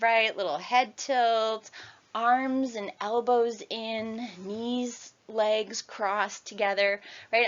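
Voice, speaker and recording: A woman's voice: on the high side, a bit bright, lo-fi sound. A woman in her forties giving a recorded university lecture in a conversational way, often checking in with "right?". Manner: conversational, tags sentences with "right?".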